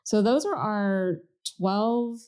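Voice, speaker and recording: A woman's voice: mid-range voice, extremely slow, darkish tone, smooth. A woman co-hosting a political podcast, talking in an earnest, reflective way and thinking aloud as she goes. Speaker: podcast co-host. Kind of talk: casual political chat.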